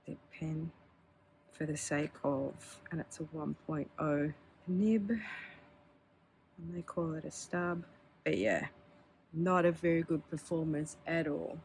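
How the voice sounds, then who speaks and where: A chatty woman, talking candidly through a casual show-and-tell. Her voice sits a little low. A faint hum of room ambience runs underneath. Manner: chatty and candid, with filler words and laughs. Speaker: pen hobby vlogger.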